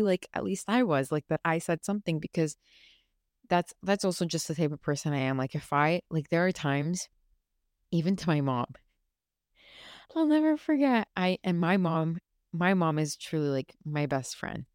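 A woman's voice: low voice, moderate pace, darkish tone, clear, resonant tone, no room sound, studio quality. A young woman hosting a podcast, talking casually and from the heart, rambling with lots of "like" and restarts. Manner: rambling, heartfelt, many fillers. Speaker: podcast host. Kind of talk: casual solo chat.

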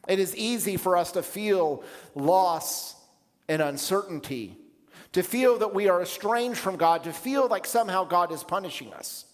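Reflective male pastor in echoing hall. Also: high-pitched. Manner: measured, reflective preaching with pauses. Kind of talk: sermon.

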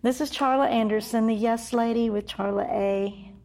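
A woman's voice: a little high, fairly even intonation, normal speed, a little mellow. A woman hosting an interview, thanking her guest and reading a sponsor spot. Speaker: host.

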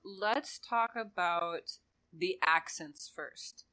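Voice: medium pitch, drawn-out words, bright, forceful tone, rough recording. A podcast co-host in a casual discussion, talking in a loose, hesitant way with many fillers.

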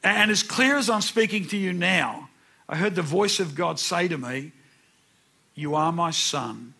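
A man's voice: high voice, normal speed, vocal fry, bright, forceful tone, husky. A man in his sixties preaching a sermon, telling personal stories earnestly and repeating words for emphasis. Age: 60s.

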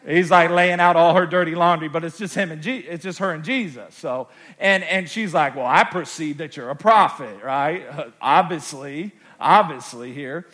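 A man's voice: a little high, moderate pace, fairly bright tone. A male pastor preaching a sermon in a humorous, conversational way, retelling scripture in modern slang.

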